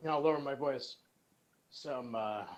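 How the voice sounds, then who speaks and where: A man's voice: mid-range voice, slow pace, rough recording. A man speaking as his character in a tabletop game, casual and a bit hesitant. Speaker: player. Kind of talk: in-character tabletop role-play.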